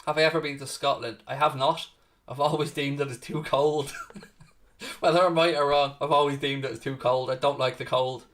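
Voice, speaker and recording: A man's voice: mid-range voice, steady tone, moderate pace, fairly bright tone. An Irish man hosting a live football watchalong, chatting casually and answering viewer questions, calling people "mate". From Ireland. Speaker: watchalong host. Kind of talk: casual live-stream chat.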